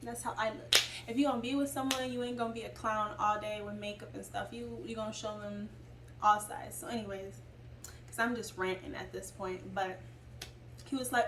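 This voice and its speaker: A woman's voice: a little high, steady tone, moderate pace, a bit bright, recorded from a distance. A young woman telling a personal story in a chatty, rambling way, full of asides. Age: young adult. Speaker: vlogger. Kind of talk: casual storytime. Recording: roomy, away from mic, faint noise.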